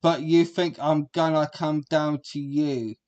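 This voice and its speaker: Slow, rambling man ranting. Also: on the high side, little pitch movement, a little mellow, highs cut off. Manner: rambling, crude and combative. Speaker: streamer reacting to a video. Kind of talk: ranting reaction commentary.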